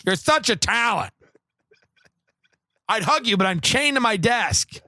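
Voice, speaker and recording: Brief: a man playing a jittery, gushing TV talk show host, voice raised, slightly hushed. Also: high voice, very animated, measured pace, no room sound, clean studio sound, voice pushed up, heavily acted. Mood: fawning. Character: impression of a fawning male late-night talk show host.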